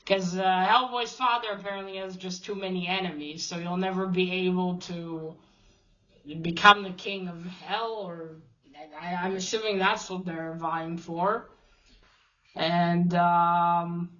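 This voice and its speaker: A woman's voice: lowish voice, a little slow, muffled recording. A woman casually recapping a comic issue, quoting the characters loosely with lots of "uh" and "he's like". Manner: retells scenes, quoting characters in a flat loose way, many "uh"s and "he's like". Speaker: comic reviewer.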